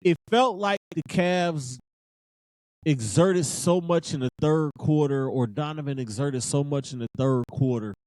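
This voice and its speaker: A man's voice: fairly high pitch, a little slow, darkish tone, no room sound. A man in his thirties hosting a sports podcast in casual talk, fired up and emphatic, repeating phrases for effect.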